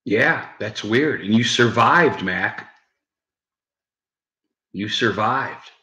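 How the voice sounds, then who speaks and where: A man's voice: fairly low pitch, animated, very slow, sharp tone. A man live-streaming in a casual chat with his viewers, joking and laughing often. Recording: roomy, dull lo-fi sound.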